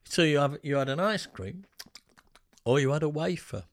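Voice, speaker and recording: A man's voice: on the high side, lively intonation, moderate pace. A man co-hosting a podcast in casual chat, rambling through asides and chuckling often. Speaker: podcast co-host, musician.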